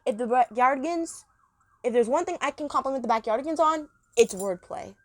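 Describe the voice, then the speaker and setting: A woman's voice: sits high, expressive, brisk, no room sound. A woman reviewing a cartoon episode in a chatty, rambling monologue, gushing about the characters.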